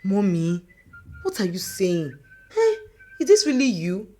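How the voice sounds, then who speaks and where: A woman's voice: fairly low pitch, sing-song, moderate pace, a little mellow. A woman voicing a shocked young married daughter who pleads with disbelieving questions.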